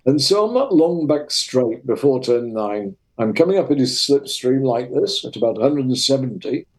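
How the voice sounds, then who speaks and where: An older man from the north of England speaks with a Lancashire accent. He tells his stories in a lively, vivid way, at a middling pitch. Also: moderate pace, rough recording. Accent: Lancashire English. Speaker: guest, retired racing driver. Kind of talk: interview anecdotes.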